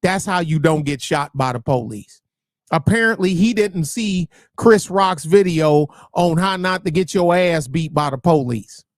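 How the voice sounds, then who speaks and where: A man's voice: a little high, a little slow, dry recording, studio quality. A man hosting a livestream, talking bluntly and profanely in rambling commentary that keeps restarting phrases. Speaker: livestream host.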